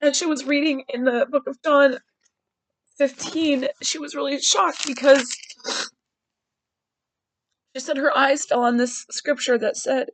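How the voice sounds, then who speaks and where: A woman's voice: sits high, steady tone, a little slow, pauses often, no echo, poor audio. A woman hosting a podcast, sharing a personal story in an earnest, heartfelt way with frequent restarts. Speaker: podcast host.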